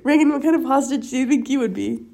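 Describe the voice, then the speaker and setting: A woman's voice: high voice, quick pace, creaky, dark tone. A young woman hosting a podcast, rambling casually and laughing at herself. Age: young adult. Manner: rambling, self-deprecating, laughs often. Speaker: podcast host. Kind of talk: casual chat.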